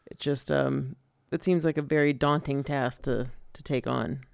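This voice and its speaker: A man's voice: mid-range voice, fairly even intonation, moderate pace, creaky, no room sound, clean studio sound. A young adult man co-hosting a casual film discussion, hesitant with many restarts. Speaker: podcast co-host.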